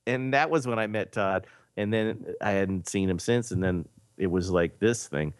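A middle-aged man from the United States tells a long anecdote on his podcast. He has a fairly low voice and acts out each person's lines as he goes. The recording is dry and close-miked. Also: moderate pace, clear, resonant tone, no room sound. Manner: animated anecdote teller, acts out quoted dialogue. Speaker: podcast host. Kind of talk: casual storytelling chat.

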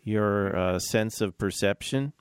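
A male host with a fairly low voice asks gentle, reflective questions. His sound is dry and close. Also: slow, clean tone, no echo. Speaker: interview host. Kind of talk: conversational interview.

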